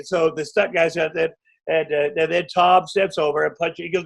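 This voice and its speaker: A man guesting on a podcast, telling a rambling, self-interrupting anecdote and breaking into loud acted quotes. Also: fairly high pitch, moderate pace, creaky. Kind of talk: anecdotal storytelling.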